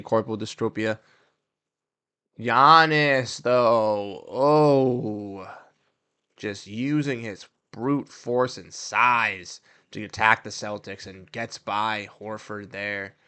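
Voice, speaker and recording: A young man hosting a casual livestream watch-along, reacting to plays and talking with his chat in quick, excitable bursts. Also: mid-range voice, smooth. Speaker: livestream host. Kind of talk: casual live game commentary.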